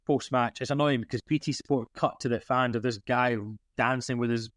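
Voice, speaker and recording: An excitable man chatting on a fan podcast, gushing and tripping over his words as he rushes on. His voice sits at an ordinary middle pitch. The sound is dry and close to the mic. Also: dry recording. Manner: excitable, gushing, rambling with restarts. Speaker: podcast host. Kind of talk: casual fan podcast chat.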